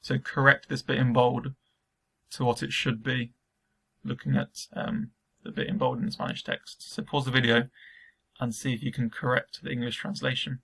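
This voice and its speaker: A man's voice: mid-range voice, flat delivery, moderate pace, creaky, fairly bright tone, slightly rough. A man teaching a recorded remote Spanish lesson to school students, explaining step by step with frequent ums.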